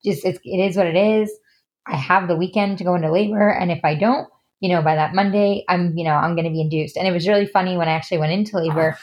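A woman's voice: on the low side, fairly even intonation, quick pace, a little mellow. A woman in her thirties, a podcast guest telling a personal story in a candid, chatty way, full of "like" and "you know". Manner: chatty, heavy use of fillers like "you know" and "like".

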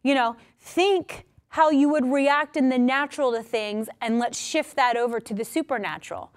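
A woman with a somewhat high voice delivers a sermon. She talks emphatically and drives her points home by repeating short phrases. Now and then she slips into the voices of people from the stories she tells. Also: normal speed, hardly any pauses. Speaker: preacher.

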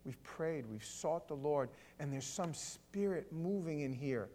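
Pastor guy preaching, chatty then loud and fired up, kinda high voice, stumbles on words. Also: expressive, measured pace. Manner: conversational preaching, rising to loud fervor; stammering restarts. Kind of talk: sermon.

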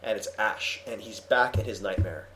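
A man hosting a casual comics discussion, retelling a story with animated enthusiasm and many restarts. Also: lowish voice, normal speed, slight background noise. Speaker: podcast host reviewing comics. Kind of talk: casual chat.

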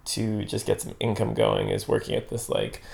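Casting: gravelly, relaxed man, co-host of a casual chat, hesitant delivery. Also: on the low side. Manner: laid-back, halting, lots of fillers.

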